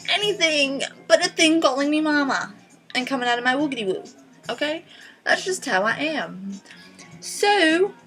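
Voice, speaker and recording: A woman's voice: fairly high pitch, a bit bright. A young woman vlogger ranting sarcastically and profanely, exasperated and blunt. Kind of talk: ranting vlog.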